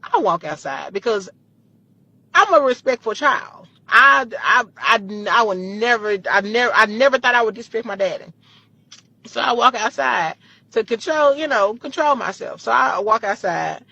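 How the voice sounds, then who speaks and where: A woman vlogger casually retelling a personal story, animated and full of profanity. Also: a little high, moderate pace, gravelly, breathy edge, no echo, lo-fi sound.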